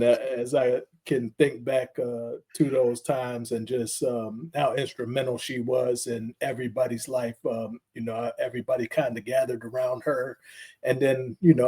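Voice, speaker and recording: A man hosting a podcast, telling a story in an easygoing, steady way with light fillers before asking his guest a question. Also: mid-range voice, husky. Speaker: podcast host. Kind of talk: casual interview talk.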